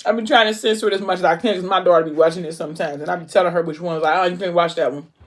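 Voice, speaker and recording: Young adult female book vlogger, animated storyteller, casual chat. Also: fairly low pitch, very fast. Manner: animated retelling, acting out the characters.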